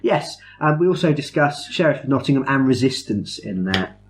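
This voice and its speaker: A man's voice: medium pitch, animated, moderate pace. A man hosting a podcast, explaining things in an enthusiastic, rambling way with self-mocking asides. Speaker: podcast host. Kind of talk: casual chat among friends.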